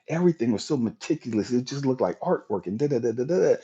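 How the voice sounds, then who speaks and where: A man's voice: medium pitch, expressive, fast, warm tone, muffled recording, pitched above the performer's own voice, close to an everyday voice. A man voicing a chatty male shop clerk who gushes in a sing-song way. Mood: gushing.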